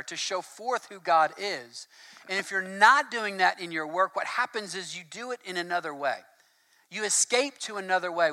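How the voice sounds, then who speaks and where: A man preaching a sermon in a conversational, casual way, mixing scripture reading with relaxed asides. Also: sits high.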